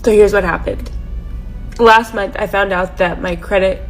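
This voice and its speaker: A woman's voice: medium pitch, steady tone, moderate pace, faint music behind, low-quality recording. A woman telling a storytime vlog with an exasperated tone. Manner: exasperated recounting.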